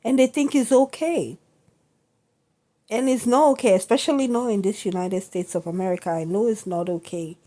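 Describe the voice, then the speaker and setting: A woman's voice: mid-range voice, normal speed, warm tone. A woman venting indignantly to camera in a vlog, often asking her listeners whether they understand. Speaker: vlogger.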